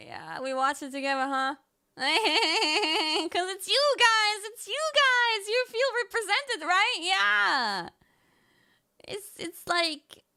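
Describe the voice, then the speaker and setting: High bright voice, young woman streamer yapping away slow and excitable, laughs a lot, dry close sound. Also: dry recording. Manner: excitable, laughs often, swears casually. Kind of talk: casual livestream chat.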